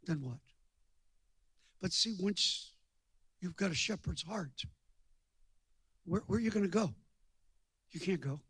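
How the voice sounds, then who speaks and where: An older male preacher tells stories from the pulpit in a folksy, joking manner. His voice sits very high and sounds dry and close to the mic. He drops to near-whispers and then bursts out loud. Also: lively intonation, slow, long pauses, husky, no room sound. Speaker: guest preacher. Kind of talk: storytelling sermon.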